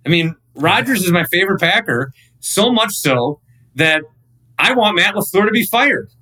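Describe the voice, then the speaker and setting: A man in his thirties, a radio host guesting on a podcast, chatting casually and telling animated, rambling stories full of restarts. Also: high voice, moderate pace, rough recording.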